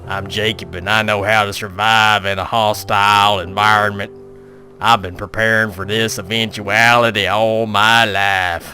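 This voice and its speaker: A man voicing a gruff, impatient survivalist who talks loudly and bossily. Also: fairly low pitch, little pitch movement, measured pace, soft background music. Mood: bossy. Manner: loud, bossy and urgent.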